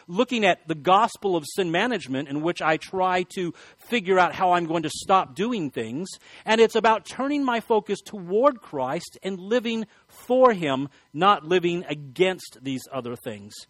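Male preacher, high-pitched, emphatic sermon delivery, dry booth-like sound. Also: dry recording. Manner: emphatic, rising to shouted commands. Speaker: pastor.

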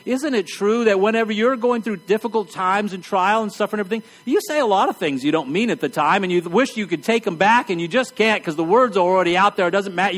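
A middle-aged man preaching a conversational sermon, wry and blunt, dropping to a hush for emphasis. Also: high-pitched.

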